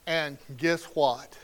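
A middle-aged man preaching a sermon in a folksy, conversational way that swings from quiet to loud. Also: a little high.

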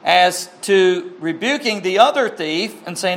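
A man preaching a sermon in a slow, earnest, heartfelt way, with emphatic rises and an occasional cleared throat. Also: high voice, animated, fairly bright tone. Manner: clears throat now and then.

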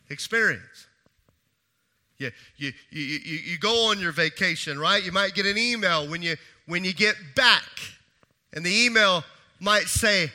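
A man preaching a sermon, moving from hushed, slow emphasis to raised, urgent reading of scripture. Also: sits high, expressive. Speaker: pastor.

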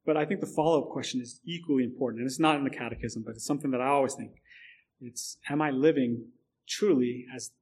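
A man's voice: medium pitch, fast, darkish tone, husky. A man preaching a sermon in an earnest way, often restarting and repeating words, then building up through long lists.

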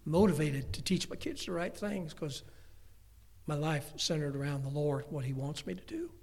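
An older man preaches a sermon as a pastor, spinning lively family stories full of humorous asides. His voice is a little high with vocal fry, delivered at a normal speed, and a long hall reverb surrounds it.

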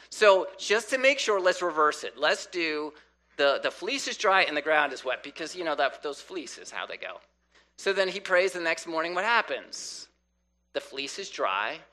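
A man preaching a sermon in an animated way, often acting out the voices of people praying. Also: high-pitched.

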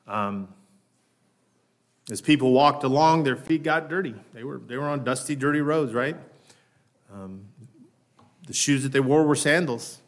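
A man preaching a sermon in a conversational way. He often checks in with "right?", slows down on key words and raises his voice to act out lines. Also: medium pitch. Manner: raises his voice when acting out Peter's lines. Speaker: pastor.

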